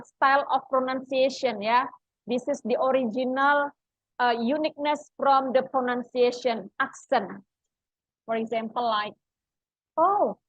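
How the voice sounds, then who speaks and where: Slow, high-voiced Indonesian woman lecturer. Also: dry recording, muffled recording. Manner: halting, slow, with many fillers and questions to students. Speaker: university lecturer. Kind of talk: classroom English lesson.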